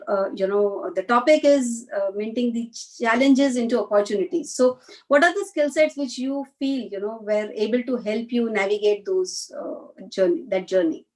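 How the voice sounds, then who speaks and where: A woman moderating a live mentorship session, encouraging and asking long framing questions. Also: a little high. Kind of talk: live interview hosting.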